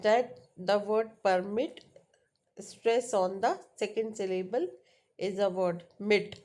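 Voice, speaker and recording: Slow-paced woman teacher. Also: mid-range voice, a little mellow. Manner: slow, repeats key points with frequent "right?". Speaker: English teacher. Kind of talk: explaining a lesson.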